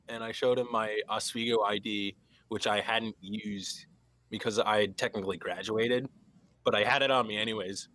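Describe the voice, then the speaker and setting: A man's voice: on the low side, steady tone, normal speed, sharp tone. A man in his twenties co-hosting a podcast, telling stories in a dry, wry casual way. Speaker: podcast co-host. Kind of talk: casual chat.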